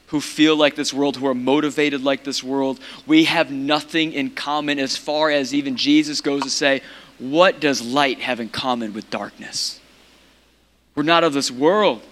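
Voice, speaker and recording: A man preaching a sermon as pastor of his church, impassioned and repetitive, building to shouted peaks. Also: mid-range voice, steady tone, measured pace.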